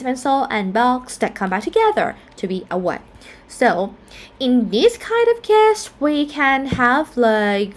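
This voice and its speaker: Slow, careful woman teaching pronunciation. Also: a little high. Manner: slow and careful, repeats each example word. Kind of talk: explaining a phonetics lesson.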